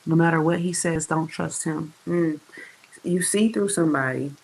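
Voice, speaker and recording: A tarot reader giving a casual, profane reading in slang, talking straight to the viewers and drawing words out slowly for emphasis. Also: medium pitch, creaky, breathy edge, poor audio. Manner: slangy, profane, chatty, addresses viewers directly.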